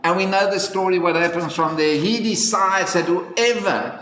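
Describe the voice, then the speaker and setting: Male storyteller, slightly high voice, chatty asides and playful sound effects, recorded in an echoey room. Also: moderate pace, fairly bright tone, a little hiss or hum. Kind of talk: casual retelling of a fairy tale. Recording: echoey hall with faint ambience.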